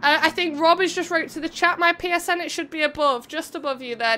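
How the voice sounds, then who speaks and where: Her extremely high, pushed, and bright voice runs a little fast as the young streamer calls a racing game event live. She's bubbly and giggly, chatting with viewers between calls, and there's slight background noise.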